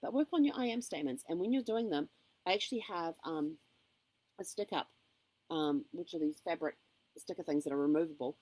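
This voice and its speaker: Low-voiced upbeat New woman. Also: fairly quick, a little mellow, dry recording, poor audio. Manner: upbeat, encouraging, with frequent ums. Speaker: motivational vlogger. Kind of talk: casual motivational talk to camera.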